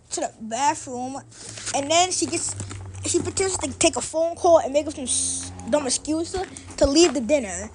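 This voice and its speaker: A girl casually telling a fan fiction story out loud, rambling with frequent restarts and fillers. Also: high-pitched, slight background noise.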